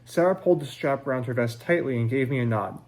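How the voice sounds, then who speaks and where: A male author reading his novel aloud in measured first-person narration at a library event. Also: medium pitch, a little mellow.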